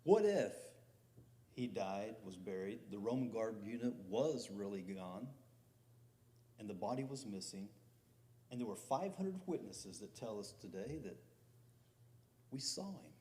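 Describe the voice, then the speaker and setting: A man's voice: lowish voice, lively intonation, unhurried, pauses often, warm tone. A middle-aged man preaching a conversational sermon as pastor, building to emphatic peaks.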